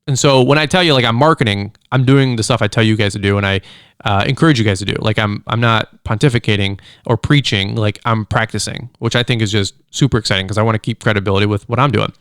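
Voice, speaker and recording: Middle-aged guy doing a chatty solo podcast, smooth clear voice, dry close studio sound, acts out little quotes. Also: on the low side, no echo. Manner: chatty and animated, retells scenes with quick quoted voices. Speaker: podcast host, lawn care business owner. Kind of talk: casual solo podcast talk.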